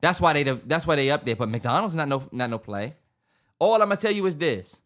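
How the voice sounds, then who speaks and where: High, bright-voiced man telling a story. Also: fairly quick. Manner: animated storyteller, acts out quoted voices, laughs through his stories. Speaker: podcast co-host. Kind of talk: casual storytelling chat.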